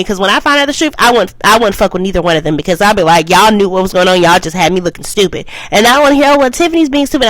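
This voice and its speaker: A woman's voice: a bit bright, no room sound, rough recording. A woman reviewing a TV show in a casual vlog. She rambles and goes off topic, and she keeps repeating "I will say this" before she makes a point. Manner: emphatic, swings up high for emphasis.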